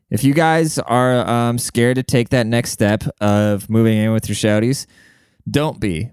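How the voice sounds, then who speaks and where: A young man telling a long story to his viewers in a casual, profane, animated way, talking to them like a buddy. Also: medium pitch, clear, resonant tone, no echo, clean studio sound. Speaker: vlogger.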